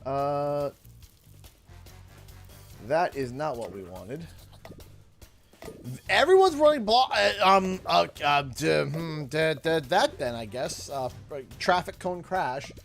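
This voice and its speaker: A man's voice: on the high side, takes it slowly, creaky, long pauses, soft background music. A young Canadian man giving casual, jokey livestream commentary while he plays, talking to his chat. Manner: excitable, jokey, talks to chat. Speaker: streamer.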